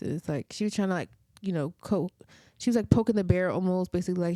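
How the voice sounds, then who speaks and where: A woman with a low, mellow voice chats through a reality TV recap. She fills her talk with "like" and rhetorical questions. The sound is dry and close. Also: fast, no echo. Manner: chatty, frequent "like" and rhetorical questions. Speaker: reality TV reviewer. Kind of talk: casual recap vlog.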